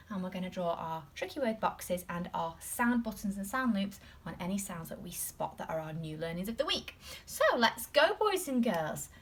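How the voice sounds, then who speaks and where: A woman with an English accent teaching a phonics lesson to young children, sounding out letters slowly and encouraging the class, sometimes dropping into a whisper. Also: medium pitch, a bit bright, husky. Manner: drops to a whisper at times.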